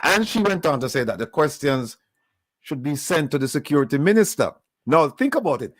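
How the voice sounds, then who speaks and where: A man's voice: mid-range voice, no room sound, studio quality. A man hosting a political commentary show, explaining events step by step, reading out news quotes and adding sarcastic asides. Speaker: host.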